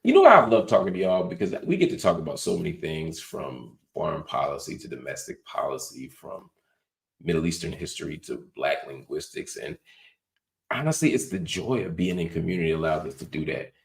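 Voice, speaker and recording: A man's voice: very deep voice, a little fast, vocal fry. A middle-aged man hosting a talk show, chatting casually and reading viewer comments aloud. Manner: relaxed, conversational, reads viewer comments aloud. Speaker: show host.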